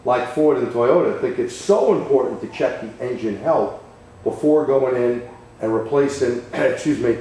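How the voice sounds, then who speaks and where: Hoarse male co-host, chatty, recorded far from the mic in a very echoey shop with faint noise. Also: mid-range voice, lively intonation, moderate pace, warm tone. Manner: chatty, prompts with tag questions. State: losing his voice, hoarse. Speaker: co-host, technical trainer. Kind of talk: casual technical discussion. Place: auto repair shop.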